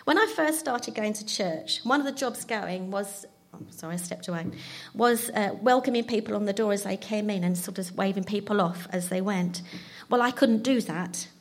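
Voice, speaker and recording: A woman's voice: mid-range voice, moderate pace. A woman, giving a chatty, self-deprecating personal testimony at church. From London. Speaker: church speaker.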